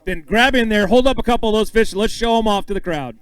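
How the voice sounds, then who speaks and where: Man, high voice, upbeat live emcee, joking banter, dry close sound. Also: clean tone, dry recording, low-quality recording. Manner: upbeat, joking, calls names with drawn-out emphasis. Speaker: tournament weigh-in emcee.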